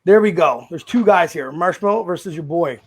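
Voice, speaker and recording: A man's voice: a little high, animated, brisk, breathy edge. A man hosting a podcast, asking questions and joking with the guest in a casual, profane way. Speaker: podcast host.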